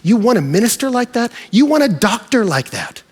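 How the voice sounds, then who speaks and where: A pastor preaching a sermon to his congregation, his husky voice swinging between high, shouted peaks and quiet, low asides. He sits fairly high for a man and keeps his delivery animated and lively throughout. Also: a little fast. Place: church service in a hall.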